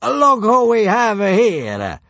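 A man's voice: high voice, huge pitch swings, extremely slow, sharp tone, no room sound, voice pushed up, full character voice. A man voicing a gigantic male Roman centurion who bellows and mocks his captive. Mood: mocking. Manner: bellowing, mocking.

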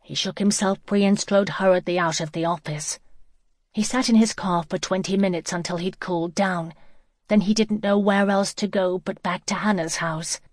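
She narrates a novel for audiobook at a moderate pace, her medium-pitched voice even and steady. It's scripted, studio-quality audio with no room sound.

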